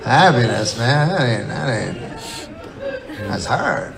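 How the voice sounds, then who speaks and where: A man performs stand-up at a live comedy venue, telling rambling, profane stories in a loose, conversational way as the audience laughs. His voice is medium-pitched, animated, slow and creaky. The recording is rough.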